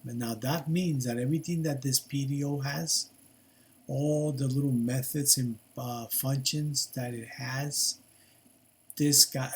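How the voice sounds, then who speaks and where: A man's voice: medium pitch, fairly bright tone, breathy edge. An older man giving a casual programming lesson while he works at his computer, thinking aloud with lots of fillers and restarts. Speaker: programming tutor. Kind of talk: casual screen-recorded coding lesson.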